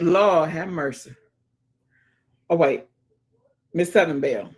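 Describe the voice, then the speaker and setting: A woman's voice: low voice, husky. A woman hosting a live stream, reading viewer comments aloud in a casual, exclamatory way, with folksy sayings, humming, and whispered asides. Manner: animated and exclamatory, dropping into murmured asides and whispers; folksy sayings and drawn-out hums.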